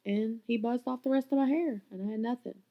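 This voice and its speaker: Woman podcaster, raspy gravelly voice, swears a lot, spilling her story on a muffled lo-fi mic. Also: on the high side, brisk. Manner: raw, candid, swears freely. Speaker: podcast host. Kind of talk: confessional personal storytelling.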